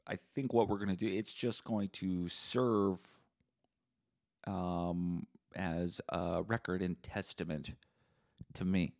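A man hosting a solo podcast, rambling in crude deadpan humor. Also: low-pitched. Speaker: podcast host.

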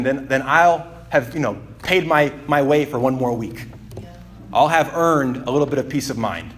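A man's voice: a little high, a little hiss or hum. Candid man preaching a casual sermon. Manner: candid, self-deprecating, rambling with many fillers. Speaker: pastor. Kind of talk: conversational sermon.

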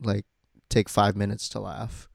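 A man's voice: on the low side, little pitch movement, a little slow, creaky, a little hiss or hum. A man co-hosting a casual chat, easygoing, with wry asides and frequent laughter.

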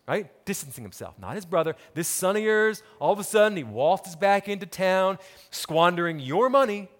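A man's voice: sits high, expressive, normal speed, a bit bright. A man preaching a sermon, telling a parable dramatically and acting out the characters' words. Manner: dramatic storytelling, acts out quoted characters. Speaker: pastor.

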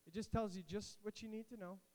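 A man's voice: sits high, quick pace, rough recording. A man in his late twenties giving a casual sermon as a youth pastor, telling stories and cracking jokes along the way. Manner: animated storytelling with asides and jokes. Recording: faint hiss.

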